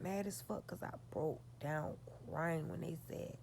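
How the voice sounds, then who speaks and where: Woman vlogger, low gravelly voice, profane, emphatic storyteller. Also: steady tone, unhurried, few pauses, darkish tone, a little hiss or hum. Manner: profane, emphatic, talks straight to her audience. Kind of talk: storytelling to her viewers.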